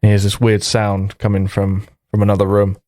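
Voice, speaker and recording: A man on a comedy podcast rambles through a joke with plenty of ums and asides. His voice is on the low side, recorded close and dry. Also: completely flat delivery, brisk, mellow, no room sound. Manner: rambling, lots of fillers and laughs. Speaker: podcast co-host. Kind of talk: casual joke-telling.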